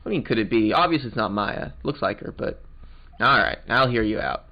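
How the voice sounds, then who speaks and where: A man's voice: fairly low pitch, animated, a little fast. A man playing and voicing a game, chatting in a loose, joking way. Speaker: let's play host voicing the game. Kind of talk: casual game commentary and voicing. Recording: muffled, game music behind.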